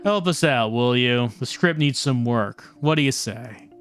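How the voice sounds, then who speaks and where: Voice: medium pitch, measured pace, soft background music, lightly acted. A streamer doing a rude, brash film director. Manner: brash, insulting, bossy. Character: small energetic male film director, rude and pompous.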